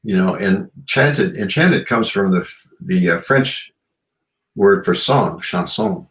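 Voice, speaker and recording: Man, very low voice, interview guest, earnest, reflective, lots of "you know". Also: expressive, slow pace, a bit bright, rough recording. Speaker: guest author and shamanic practitioner.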